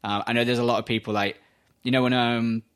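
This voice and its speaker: A man's voice: medium pitch, flat delivery, fast, fairly bright tone, smooth. British guy on a podcast, chatty and sweary, does little voices when he tells a story. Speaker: podcast co-host. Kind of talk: casual chat.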